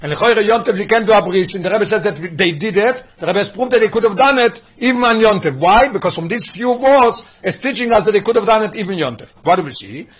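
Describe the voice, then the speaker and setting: A man giving a Torah class, rapidly explaining Midrash and mixing English with Hebrew and Yiddish terms, asking his listeners questions as he goes. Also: high-pitched, animated, breathy edge. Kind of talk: Talmudic lesson explaining Midrash.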